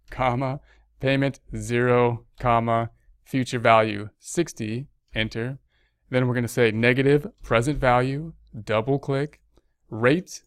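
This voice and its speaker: A man teaches an accounting lesson, calling out every cell entry and keystroke as he types. His voice sits at a middling pitch and is recorded dry and close, with no room sound. He often restarts a phrase before he finishes it. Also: clear, resonant tone, dry recording. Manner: talks through each keystroke, restarts phrases. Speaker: accounting instructor. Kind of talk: spreadsheet tutorial narration.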